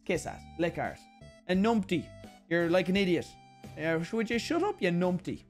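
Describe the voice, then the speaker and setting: A man's voice: high-pitched, lively intonation, moderate pace, soft background music. Irish man joking and swearing. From Ireland. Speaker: YouTube host. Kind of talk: casual mail-opening vlog.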